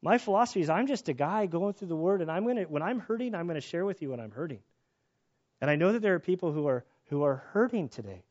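Earnest preacher, breathless and lo-fi. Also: male voice, sits high, animated, fast, a little mellow. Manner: earnest, candid, restarts often, voice rises when emphatic. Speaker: pastor teaching through scripture. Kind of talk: expository sermon. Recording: dull lo-fi sound.

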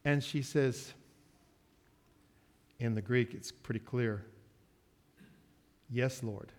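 Slow, emphatic preaching man. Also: mid-range voice. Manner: swings from soft asides to loud, stretched-out declarations. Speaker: pastor. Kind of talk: sermon.

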